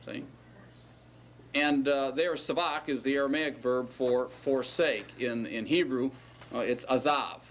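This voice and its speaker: Slow, patient male teacher lecturing. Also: a little high, fairly bright tone, slight background noise. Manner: patient, explains step by step, asks the class if they follow. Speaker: Hebrew teacher. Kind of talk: classroom lecture. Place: classroom.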